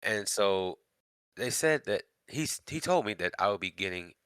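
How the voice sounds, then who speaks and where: Deep bright-toned man telling his story. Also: lively intonation, normal speed, smooth, dry recording. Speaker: podcast guest, voice actor. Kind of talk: casual chat.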